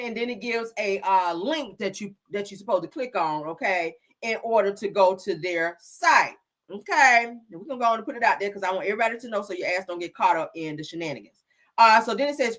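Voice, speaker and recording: A woman's voice: medium pitch, a bit bright. A woman hosting a casual gossip commentary channel, talking in a sassy, profane, teasing way to her viewers.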